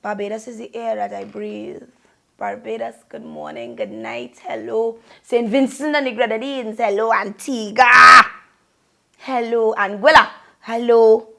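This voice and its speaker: A young Trinidadian woman giving effusive, sing-song shout-outs to her viewers in a casual vlog. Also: on the high side, fairly even intonation, moderate pace, gravelly. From Trinidad and Tobago. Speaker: vlogger.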